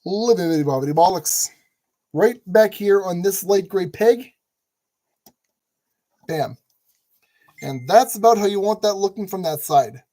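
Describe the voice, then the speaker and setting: A man's voice: high voice, lively intonation, a little slow, long pauses, mellow. A man hosting a casual build tutorial, chatty and jokey, talking to himself as he works. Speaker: channel host giving building instructions.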